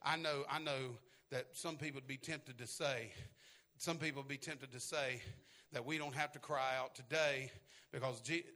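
A man preaching a sermon, repeating phrases and building to shouted, half-sung climaxes. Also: medium pitch, fairly even intonation, moderate pace. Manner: drops to a hushed, quiet voice at times.

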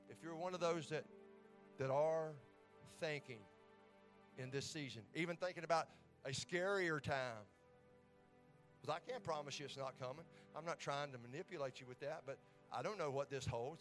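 Man, pastor, sermon, fervent, stammering repeats, slightly high voice, nearly empty church. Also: brisk, soft background music. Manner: builds from quiet pleading to loud, fervent preaching with stammered repeats. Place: church sanctuary, mostly empty.

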